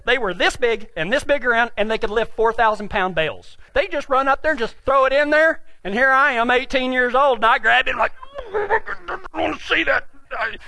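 A man's voice: extremely high pitch, fairly quick, hardly any pauses, bright, forceful tone, dry recording. A man from Texas with a Texan accent, telling a funny, folksy, self-mocking story about himself. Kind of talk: humorous storytelling.

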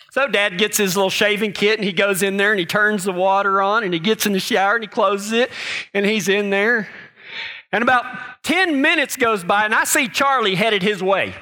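A man's voice: high-pitched, moderate pace, pushed and bright. A man preaching a sermon in a folksy, conversational way, telling personal stories, often repeating words and checking in with "okay?" and "right?".

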